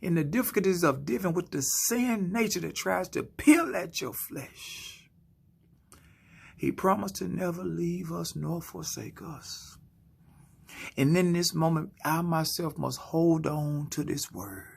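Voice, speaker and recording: A man giving a spoken-word motivational sermon, slow and dramatic, often dropping into hushed whispers. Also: on the high side, animated, creaky, breathy edge. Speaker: motivational speaker.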